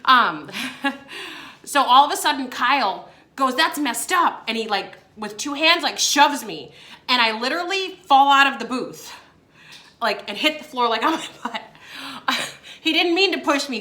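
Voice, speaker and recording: Young woman vlogger, giggly storyteller, higher pitch, bright tone. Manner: giggly, laughs between phrases, many fillers. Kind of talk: casual storytime chat.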